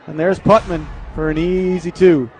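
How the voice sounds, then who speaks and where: A man's voice: sits high, fairly even intonation, moderate pace. A young man doing play-by-play for a school game, with joking, teasing banter. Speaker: play-by-play announcer. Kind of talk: student broadcast commentary. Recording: gym crowd and noise behind.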